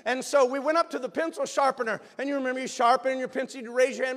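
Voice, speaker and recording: A male pastor telling a personal story in a sermon, animated and emphatic, sometimes bursting into a shout. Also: extremely high pitch, fast, hardly any pauses. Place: church sanctuary. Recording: long reverb of a large hall.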